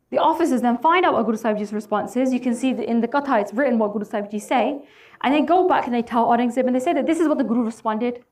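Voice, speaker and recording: A woman's voice: sits high, recorded from a distance. A woman telling a religious story in an earnest manner, often quoting the figures in it. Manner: earnest, retelling with quoted dialogue.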